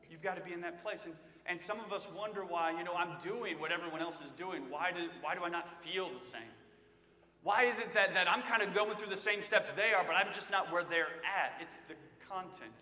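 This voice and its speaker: A man's voice: sits high, fairly quick, sharp tone. A man in his thirties preaching a sermon in a church, telling stories in a loose, joking, conversational way. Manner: conversational storytelling with humor. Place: church sanctuary. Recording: echoey church hall.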